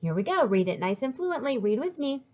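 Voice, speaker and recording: A woman teaching a phonics lesson to children, slowly modeling each sound and encouraging them to read along. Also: high voice, big pitch swings, darkish tone, highs cut off.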